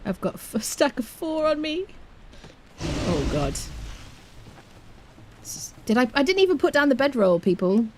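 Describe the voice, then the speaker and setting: Woman, streamer, lively pitch, playful, laughs often, faint background noise. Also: a little slow, long pauses. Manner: chatty, laughs often, playful asides to chat. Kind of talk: live game commentary.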